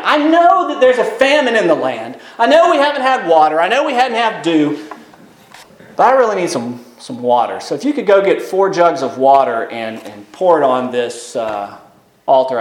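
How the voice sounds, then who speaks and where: A man's voice: sits high, big pitch swings, normal speed. A man in a sermon voicing a bold, teasing old male prophet in a folksy, challenging manner. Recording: roomy echo.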